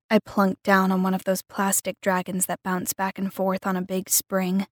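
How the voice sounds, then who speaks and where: A woman's voice: medium pitch, completely flat delivery, moderate pace, few pauses, no echo, clean studio sound. A woman narrating a first-person story in a casual, wry, conversational way.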